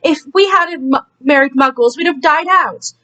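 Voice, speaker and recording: A woman reading aloud, voicing a sick, hoarse schoolboy. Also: high voice, moderate pace, fairly bright tone, muffled recording, voice pushed up. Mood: indignant.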